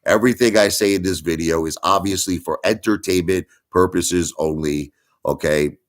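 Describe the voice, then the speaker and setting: A deep-voiced middle-aged man hosting a livestream. He rants with indignation, circles back on his points and keeps pleading with his viewers to listen. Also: moderate pace. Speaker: livestream host. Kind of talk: ranting livestream monologue.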